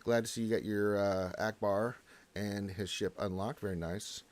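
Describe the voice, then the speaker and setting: A man's voice: on the low side, steady tone, normal speed, no echo. Laid-back man reading out stream chat. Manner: laid-back, reads chat aloud in a lifted voice. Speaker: livestream host reading chat. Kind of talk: casual livestream chat.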